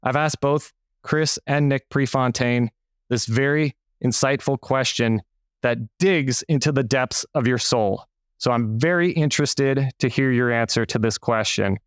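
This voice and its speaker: A man's voice: mid-range voice, unhurried, clean tone, no room sound, clean studio sound. A man hosting an interview podcast, upbeat and playful, hyping up his guest. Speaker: podcast host. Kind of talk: scripted intro, then casual interview.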